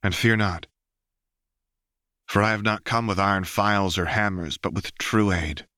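A man voicing a stern vengeful spirit who speaks in measured, solemn declarations. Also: on the low side, bright, forceful tone, no room sound, clean studio sound. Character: calm vengeful male spirit, the Wraith, stern.

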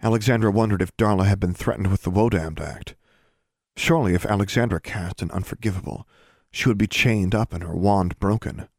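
Male audiobook narrator, gravelly low voice, dry close sound. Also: no echo. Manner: steady, measured reading with gravelly low tone.

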